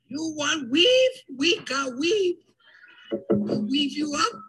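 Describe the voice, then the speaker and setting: A man mimicking a pushy, eager shopkeeper hawking goods in a coaxing sing-song with a raspy voice. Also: extremely high pitch, very animated, drawn-out words, pushed and bright, pitched above the performer's own voice, heavily acted, poor audio. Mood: coaxing salesy.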